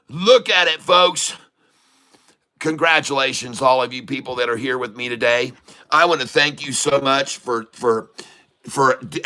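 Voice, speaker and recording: A man hosting a live day-trading stream, shouting excitedly at the charts and talking to his chat. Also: on the high side. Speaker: day-trading livestream host.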